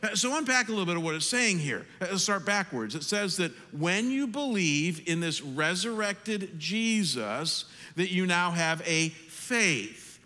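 An American pastor preaches with a bright, forceful voice that rides a little high for a man. He climbs loud on his questions and slows right down to press a point home. The sound carries a long reverb from a large hall. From United States. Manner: animated preaching, rising loud for questions, slowing for emphasis. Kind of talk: sermon.

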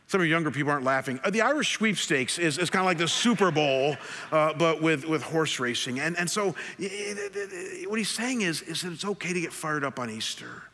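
A man's voice: mid-range voice, lively intonation, fairly quick, sharp tone, big-room sound. A man preaching a sermon to a congregation, earnest and conversational, with frequent restarts. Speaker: pastor. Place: large church hall.

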